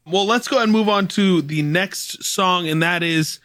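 Easygoing higher-voiced man, dry sound. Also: normal speed, a bit bright, no echo. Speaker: podcast co-host. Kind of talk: casual music review chat.

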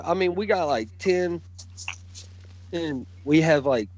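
Slow, profane man. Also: medium pitch, a little mellow, highs cut off. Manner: profane, blunt, trash-talking. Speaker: guest wrestling promo performer. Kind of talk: casual podcast chat.

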